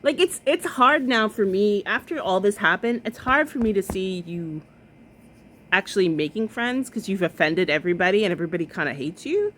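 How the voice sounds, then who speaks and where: A woman's voice: mid-range voice, expressive, normal speed, a bit bright, a little hiss or hum. A woman hosting a reaction video, giving blunt, sassy commentary, swearing freely and laughing often. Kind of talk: casual commentary.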